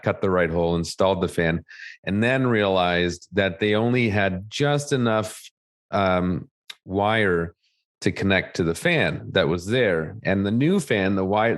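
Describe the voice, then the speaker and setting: Low-voiced, easygoing man co-hosting a podcast. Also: moderate pace. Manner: easygoing, teasing, detailed storyteller. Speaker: podcast co-host. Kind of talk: casual podcast chat.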